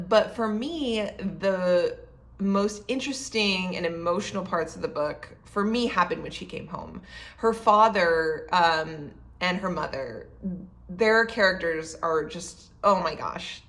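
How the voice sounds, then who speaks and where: Reviewing a novel in a relaxed, chatty way, this woman's voice is lowish with a fairly bright tone. As a book vlogger she leans on fillers like um and you know, voicing her earlier thoughts as quoted asides.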